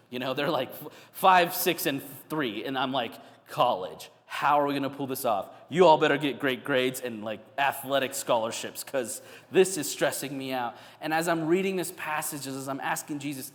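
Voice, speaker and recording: Conversational pastor in a reverberant hall. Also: male voice, a little high. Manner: conversational, acts out prayers and dialogue with Jesus. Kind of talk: sermon. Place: church sanctuary. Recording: long church hall reverb.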